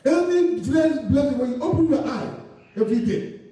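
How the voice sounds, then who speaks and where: Recorded from far off in a very echoey church hall, a pastor with a high, mellow voice preaches an animated sermon at normal speed. He works in call-and-response style, repeatedly asking the congregation to finish his sentences, while faint music plays underneath.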